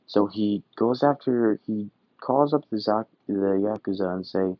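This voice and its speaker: Casual male storyteller, rambling with fillers, low voice, dry dull sound. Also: unhurried, no room sound. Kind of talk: casual fan-story retelling.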